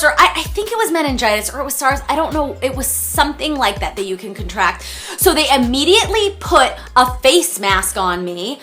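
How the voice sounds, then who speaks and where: A woman in her thirties chats through her stories in a casual vlog, keeping her voice bright and slightly high. She talks in a loose, animated way, packing her sentences with fillers and acting out her own exclamations. Soft music sits faintly under her voice. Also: brisk. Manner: chatty, animated, lots of fillers and acted-out exclamations. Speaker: celebrity wardrobe stylist telling stories.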